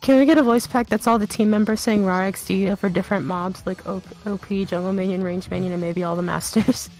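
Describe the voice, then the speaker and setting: A woman's voice: mid-range voice, fairly even intonation, fast talker, a little mellow, faint music behind, poor audio. A woman co-hosting a game studio stream in casual chat, giggly and jokey. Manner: giggly, jokey, laughs often.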